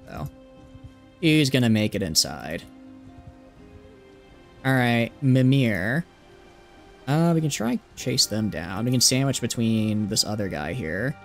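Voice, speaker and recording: A man's voice: fairly low pitch, creaky. Man streaming, chatty and joking. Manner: playful, rambling, lots of "like" fillers. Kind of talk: casual live gameplay commentary.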